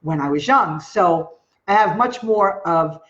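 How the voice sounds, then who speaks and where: Rambly long island accent streamer just chatting w viewers, middle-pitched, kinda dull lo-fi sound. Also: expressive, a little slow, fairly bright tone. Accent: Long Island New York. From Long Island, New York. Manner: rambling, chatty, filler-heavy, greets viewers by name. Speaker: live-stream host on sales and marketing. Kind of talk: casual live-stream talk to viewers.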